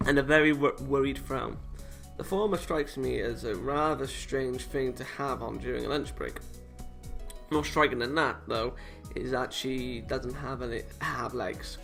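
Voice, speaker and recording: Bright-voiced joking man reading aloud. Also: medium pitch, measured pace, creaky, soft background music. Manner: reads narration aloud, breaks off with sarcastic self-mocking jokes. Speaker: let's play host reading a visual novel. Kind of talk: casual read-aloud with joking asides.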